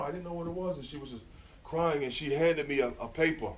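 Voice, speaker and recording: A middle-aged man with a New York accent giving a talk, telling lively stories in street slang and often checking in with the audience. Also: fairly high pitch, fast talker, slight background noise. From New York, USA. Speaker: guest speaker. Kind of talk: storytelling artist talk. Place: indoor talk venue with audience. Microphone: phone recording from across the room. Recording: echoey room, phone mic far off.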